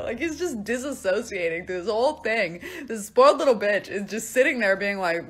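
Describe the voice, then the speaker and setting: A woman's voice: medium pitch, moderate pace, few pauses, husky. A woman telling history stories in a casual, comedic way, chatty and full of filler words. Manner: chatty, constant filler words, animated voices. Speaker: history content creator.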